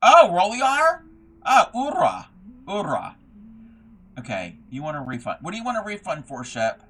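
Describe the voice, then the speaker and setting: Young guy on a craft stream, kinda high bright voice, rambles and reads chat out loud. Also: wildly swooping pitch, brisk. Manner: rambling, reads chat aloud, trails off with fillers. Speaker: craft livestream host. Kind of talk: casual livestream chat.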